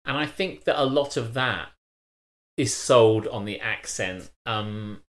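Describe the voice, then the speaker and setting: A man's voice: mid-range voice, takes it slowly. A man co-hosting a live-streamed chat show, opinionated and restarting sentences as he goes. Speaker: co-host.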